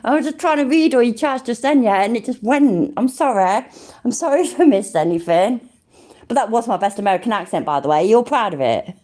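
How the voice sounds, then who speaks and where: A woman's voice: on the high side, lively intonation, brisk, darkish tone. A British woman hosting a casual livestream, swearing and laughing often as she chats. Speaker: livestream host.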